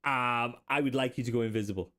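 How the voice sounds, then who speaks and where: A man's voice: mid-range voice, fast talker. A man with an Australian accent running a tabletop game as dungeon master, narrating and laughing often. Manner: laughs often, lively storytelling.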